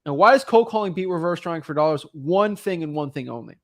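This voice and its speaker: Man, podcast host, excited rambling chat, slightly high voice. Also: fast talker, dry recording, clean studio sound. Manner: energetic and emphatic, rambling with restarts. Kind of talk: casual chat.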